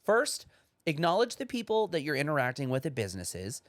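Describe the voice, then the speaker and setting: A man co-hosting a podcast, ranting in casual chat, profane and animated as he acts out other people. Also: fairly high pitch, a little fast, no echo. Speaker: podcast co-host.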